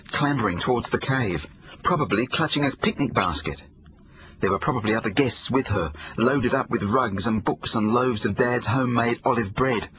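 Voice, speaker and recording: A man reading his own children's book aloud, expressive storytelling. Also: mid-range voice, muffled recording, noisy background. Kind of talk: audiobook narration for children.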